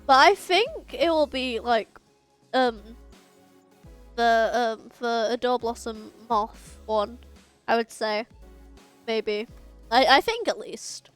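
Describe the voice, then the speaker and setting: A woman streaming a story game, excitable and swearing freely as she reacts, often restarting her sentences. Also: a little high, slow pace, pauses often, faint music behind. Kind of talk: casual game stream commentary.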